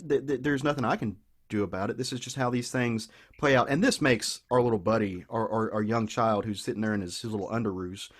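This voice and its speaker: A man's voice: on the low side, a little fast, hardly any pauses. A man with a Southern US accent on a podcast, eagerly retelling a comic book story in a rambling, casual way full of restarts. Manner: enthusiastic, rambling, many restarts. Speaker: podcast co-host.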